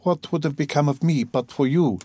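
An anxious, fretful young woman, as a male audiobook reader puts her on, her voice lifted well above his own. She speaks softly and pleadingly. The sound is close and dry. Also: on the high side, fairly quick, breathy edge, no echo, voice pushed up. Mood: distressed.

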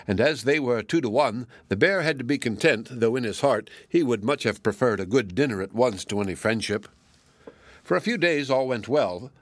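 A man narrating a fairy tale in a measured, plain storytelling voice. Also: mid-range voice, no room sound.

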